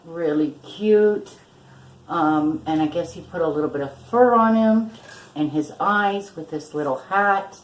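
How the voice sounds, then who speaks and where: A woman's voice: lowish voice, echoey room, poor audio. An older woman chatting casually in a vlog, gushing over her thrift-store finds. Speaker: vlogger.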